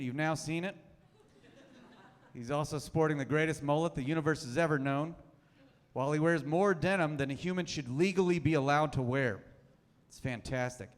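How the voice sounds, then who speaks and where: A man's voice: a little high, big-room sound. A man in his thirties doing a stand-up set on a club stage, dry and self-mocking. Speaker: stand-up comedian.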